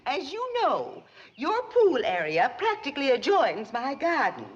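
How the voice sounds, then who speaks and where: A woman's voice: sits high, wildly swooping pitch, measured pace, dull audio, full character voice. An actress playing a prim, fretful rich society woman with a fussy, proper manner in a 1960s sitcom.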